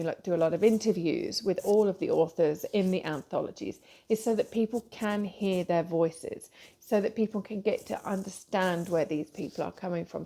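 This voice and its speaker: A woman's voice: fairly low pitch, mellow. A woman publisher hosting a casual live talk, rambling with many fillers and self-corrections.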